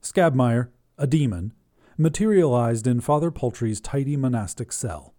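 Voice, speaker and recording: A man hosting a flash fiction podcast, reading the story in even, measured narration. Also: mid-range voice.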